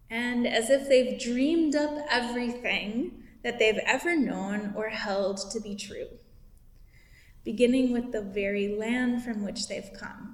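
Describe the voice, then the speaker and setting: A woman minister giving a gentle, slow sermon and reading a story aloud. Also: on the high side. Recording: echoey hall.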